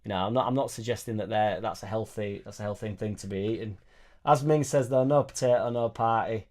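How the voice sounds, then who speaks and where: A man's voice: lowish voice, a little fast, a little mellow. A man hosting a casual live stream from a home studio, chatting in a rambling, jokey way and reading out viewer comments. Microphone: suspended studio microphone.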